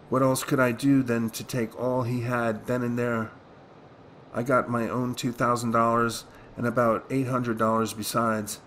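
A man reading a first-person story aloud as an audiobook, in a steady, measured way. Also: mid-range voice, a little hiss or hum. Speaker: audiobook reader.

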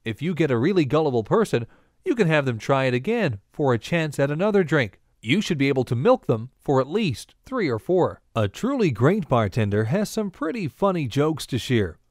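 A man reading scripted bartending instruction and bar jokes in a deadpan, joke-telling manner. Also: on the high side, moderate pace, no echo, studio quality.

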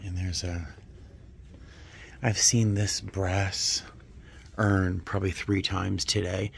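Slow, gravelly man gushing over antiques. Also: sits low, little pitch movement, slight background noise. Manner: gushing, muses aloud, slips into soft near-whispers. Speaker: vlogger. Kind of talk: casual vlog narration while shopping. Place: antique and vintage shops.

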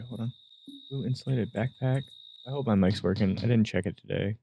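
A man's voice: fairly low pitch, fairly quick, vocal fry, warm tone, husky, faint music behind. A young man commenting casually on a game, muttering to himself with joking asides. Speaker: gamer.

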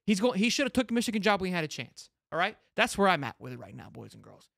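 A man's voice: sits high, very animated, rapid-fire, vocal fry, a bit bright, no room sound, clean studio sound. A man hosting a sports podcast in casual, fired-up fan talk, brash and swearing, piling on "like" and restarts.

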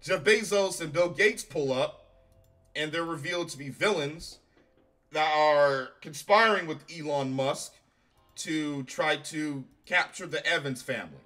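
Man, show reviewer, casual commentary, exasperated and sarcastic, fairly high pitch, bright tone. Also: unhurried. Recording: faint music behind.

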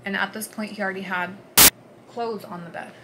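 A woman vlogger recounting a personal story in an earnest, halting way, dropping to a hush and then pushing hard. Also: medium pitch, fairly even intonation, very noisy. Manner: earnest, halting, swings between hushed and forceful.

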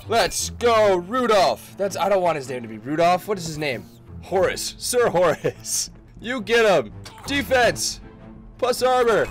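A man giving casual let's-play commentary, excitable, laughing often and reading game text aloud. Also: sits high, a little slow, faint music behind. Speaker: gaming video creator.

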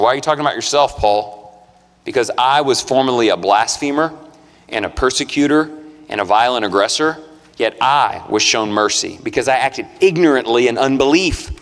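A male preacher delivers a sermon from the pulpit, and his mid-range voice rings out through a big room with a long reverb tail. He is emphatic, pushing some lines up loud and high and letting others sink low and soft. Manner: emphatic, swings from loud rising lines to quiet low ones. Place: church sanctuary.

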